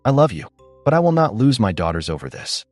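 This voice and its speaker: A man's voice: medium pitch, big pitch swings, a little fast, faint music behind, natural voice. A man reading the lines of a heartbroken middle-aged father, raw and pleading.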